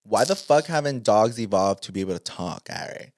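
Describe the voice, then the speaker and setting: A man's voice: fairly low pitch, animated, fairly quick, darkish tone, dry recording, clean studio sound. A man co-hosting a podcast in casual chat, rambling and searching for his words in a playful way. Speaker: podcast co-host.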